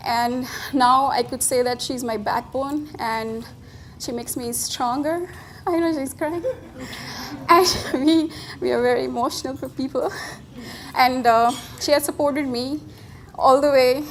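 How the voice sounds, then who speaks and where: A woman's voice: high-pitched, fairly even intonation, a little hiss or hum. Nervous Indian woman giving a wedding toast. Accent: Indian English. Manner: nervous, halting, with many restarts. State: emotional. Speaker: bride's best friend giving a toast. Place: wedding reception.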